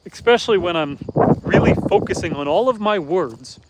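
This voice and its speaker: A man's voice: high voice, animated, normal speed, very noisy. A man chatting casually on a live stream outdoors on his farm, explaining his chores as he works. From Canada. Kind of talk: casual live-stream chat, reading viewer comments. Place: outdoors on a farm near a truck and pigs.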